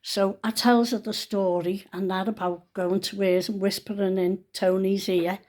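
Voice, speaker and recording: A woman's voice: mid-range voice, flat delivery, normal speed, a little mellow. A woman in her sixties telling a personal story at home in a chatty, earnest, folksy way. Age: 60s. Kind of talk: casual storytelling vlog. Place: at home, sitting on a sofa.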